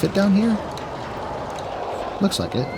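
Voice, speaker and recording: A man talks through a game as he plays it, musing over what to try next. His voice sits a bit high and swings widely. Steady background noise and game sounds run underneath. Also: slow pace. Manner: thinking aloud, musing over his build. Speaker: gaming video creator. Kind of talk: casual gameplay commentary.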